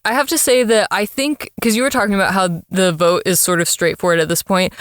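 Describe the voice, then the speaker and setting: Female co-host, easygoing recap talk, clean smooth voice, dry close mic. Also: medium pitch, no echo. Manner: relaxed, thinking aloud with likes and fillers. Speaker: podcast co-host. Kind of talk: casual recap chat.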